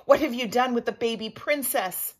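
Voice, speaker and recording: A woman's voice: fairly high pitch, moderate pace, voice pushed up, natural voice. A woman voicing an earnest, slightly fussy young male prince in a storybook reading, dramatic and proper.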